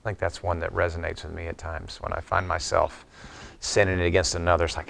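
A middle-aged man delivers a sermon in a reflective, conversational manner. His voice sits very low and has a gravelly, fry-laden edge, and he moves between scripture and personal stories. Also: little pitch movement, brisk, fairly bright tone, a little hiss or hum. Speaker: pastor.

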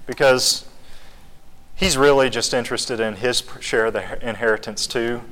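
A man's voice: medium pitch, steady tone, moderate pace, fairly bright tone, poor audio. A man leading a Bible study, teaching earnestly and rising to pleading emphasis.

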